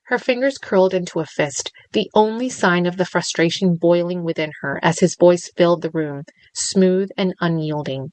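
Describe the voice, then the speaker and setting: A woman reading a thriller audiobook in a measured, steady narration. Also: on the low side, no room sound, poor audio.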